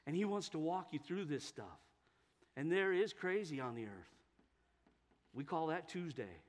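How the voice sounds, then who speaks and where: Man, pastor, sermon, high voice, emphatic, fervent, church sanctuary, long hall reverb. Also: animated, unhurried. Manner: emphatic, rising to loud fervent preaching.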